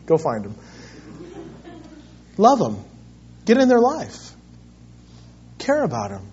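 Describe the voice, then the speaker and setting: A middle-aged man preaching a sermon as pastor, animated and swinging from loud to soft as he tells a story. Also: on the high side, slow pace, long pauses, a little hiss or hum. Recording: dull lo-fi sermon recording.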